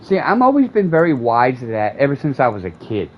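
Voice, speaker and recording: A man's voice: medium pitch, huge pitch swings, fairly quick. A man, telling a profane, rambling story in casual chat while streaming a game. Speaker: gaming streamer. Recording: dull lo-fi mic with faint air conditioning hum.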